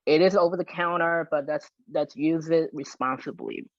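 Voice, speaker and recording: A woman's voice: low-pitched, normal speed, no echo. Woman coaching pet owners on a video call. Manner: animated, explaining with examples. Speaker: dog behavior consultant. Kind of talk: educational webinar talk. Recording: dull dry video-call audio.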